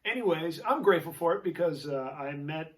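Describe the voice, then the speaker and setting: A man's voice: on the high side, animated, brisk, a bit bright, far from the mic. A man hosting his own show, telling a rambling story in a casual, chatty way with many fillers and restarts. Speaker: show host, jazz guitarist.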